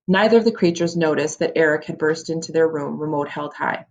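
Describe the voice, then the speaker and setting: Low-voiced woman reading a novel aloud. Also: fairly quick, a little mellow, muffled recording, a little hiss or hum. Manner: self-correcting, casual. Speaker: audiobook reader.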